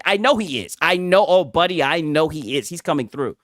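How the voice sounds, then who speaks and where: A man's voice: high voice, very animated, normal speed, a bit bright, no echo. Male streamer, casual foul-mouthed reaction talk, mocking and laughing, dry close sound. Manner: mocking, laughs often, reads chat aloud. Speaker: streamer reacting to another creator's video. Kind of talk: casual profane reaction commentary.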